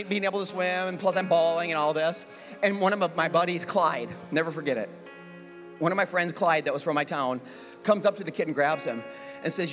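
High-voiced man preaching in a reverberant hall. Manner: animated, self-mocking, acts out his younger self in high squeals. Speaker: pastor. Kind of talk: sermon with personal storytelling. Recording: long reverb of a large hall.

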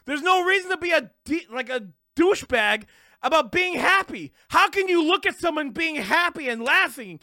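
A man with a very high, sharp, bright voice rants on a live stream, loud and full of swearing. The sound is dry and close, with no room echo. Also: animated, normal speed. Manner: loud, profane, fired-up ranting. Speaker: streamer and podcast host. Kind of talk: unscripted rant on a live stream.

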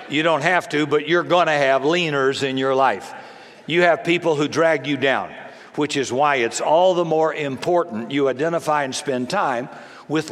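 A man's voice: fairly high pitch, fairly bright tone. A male pastor delivering a sermon, telling stories with humor and emphasis. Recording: long reverb of a large hall.

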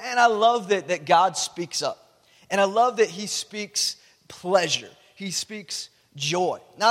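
A man's voice: fairly high pitch, a bit bright. A male pastor preaching a sermon in a loose, conversational way, often restarting his words. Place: church hall. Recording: long hall reverb.

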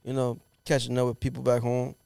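A man's voice: mid-range voice, monotone, brisk, creaky, a little mellow, clear, resonant tone, no room sound. A man telling stories in a casual, profane, slang-heavy chat as a podcast co-host.

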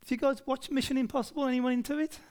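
A man's voice: very high voice, little pitch movement, racing, darkish tone, smooth. A man preaching a Bible-study sermon in a conversational style, often putting questions to the congregation. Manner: conversational, asks the congregation questions, frequent restarts.

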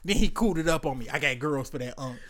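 A man's voice: on the high side, expressive, fast, over a noisy crowd. A man in his late thirties in casual, profane chat, joking and laughing often. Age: late 30s.

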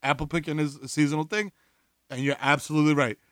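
A man with a New York accent from the Bronx, bantering loudly with slang and laughter in a casual chat. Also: fairly high pitch, fairly even intonation, fast talker, no room sound, studio quality. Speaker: podcast co-host.

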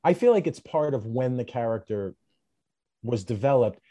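Mellow-voiced man chatting about a film. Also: mid-range voice, expressive, moderate pace. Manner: enthusiastic, laughs often, acts out movie lines. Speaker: podcast co-host. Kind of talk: casual film discussion.

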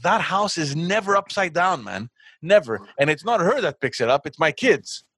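A man's voice: on the high side, sing-song, moderate pace, fairly bright tone, breathy edge, no room sound. A man co-hosting a casual podcast chat about parenting, telling family stories and laughing often. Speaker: podcast co-host.

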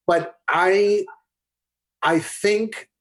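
A middle-aged man recounting behind-the-scenes stories in a relaxed, conversational way. His voice is husky and sits a bit high for a man. He often stumbles and restarts his sentences. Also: drawn-out words. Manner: candid anecdotal storyteller with frequent restarts. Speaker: podcast guest, camera assistant. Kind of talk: conversational storytelling.

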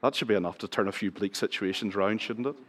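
Middle-aged guy preaching in a church, talks with the crowd, asks questions, goes real quiet sometimes. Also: lowish voice, fast talker, husky. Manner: conversational, asks the congregation questions, drops to near whisper for emphasis. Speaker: pastor. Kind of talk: sermon.

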